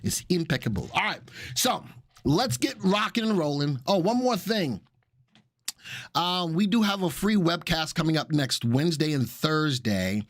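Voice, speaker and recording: A man's voice: fairly high pitch, animated, unhurried, no room sound. A man hosting a live market stream in a chatty, upbeat way, with many fillers. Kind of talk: casual live stream talk.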